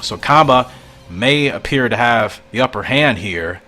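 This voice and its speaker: A man's voice: medium pitch, expressive, unhurried, pushed and bright, soft background music. A man reading a fan comic aloud and thinking aloud in a musing, often puzzled way. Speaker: comic reader and reactor.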